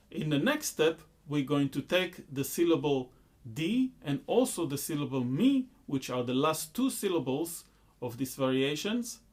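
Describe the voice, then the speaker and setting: A man teaching a rhythm lesson, explaining slowly and chanting loud rhythm syllables. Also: a little high, noisy background. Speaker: music teacher.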